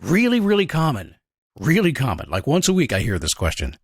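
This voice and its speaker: Lively, fast-talking motivational man. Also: on the high side, slightly rough, no echo, clean studio sound. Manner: energetic, conversational, acts out questions and a dog's thoughts. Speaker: motivational coach and podcast host. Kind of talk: upbeat motivational monologue.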